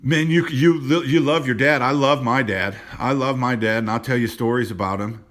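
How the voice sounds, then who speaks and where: Blunt, bright-voiced man ranting. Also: mid-range voice, steady tone, moderate pace. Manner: blunt and preachy, repeats phrases, many restarts. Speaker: host. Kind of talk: motivational rant to camera.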